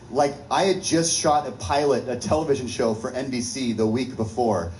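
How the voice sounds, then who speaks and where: Man, comedian, stand-up storytelling, animated, laughs as he talks, echoey room. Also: mid-range voice, fairly quick, few pauses, a little hiss or hum. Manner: animated, laughs through his own story.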